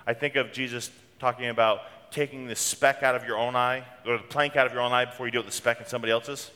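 Speaking fast with a flat delivery and a sharp tone at medium pitch, a middle-aged pastor gives a conversational sermon full of homely stories. He's in a church sanctuary, and the hall's long reverb fills the recording.

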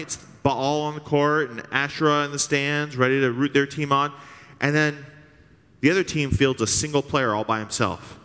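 A man preaching a sermon, animated and sarcastic, acting out the scripture with big swings in his voice. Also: on the high side, big-room sound. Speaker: pastor.

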